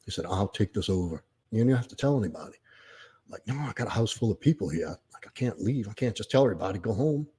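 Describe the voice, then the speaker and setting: A middle-aged man telling a painful personal story on a podcast, halting and choked up at times. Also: fairly low pitch, expressive, mellow, husky.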